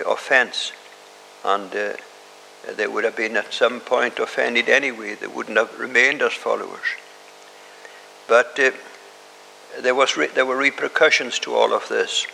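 A man preaches with a heavily gravelly voice that has a bright, forceful edge. He speaks in a measured way and pauses often with hesitations. The recording has a long hall reverb and faint hiss. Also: medium pitch. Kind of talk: sermon.

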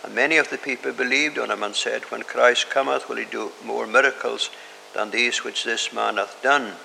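Gravelly preacher in a reverberant hall. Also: male voice, medium pitch, bright, forceful tone. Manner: measured, with frequent hesitations. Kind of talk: sermon. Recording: hissy recording in a reverberant hall.

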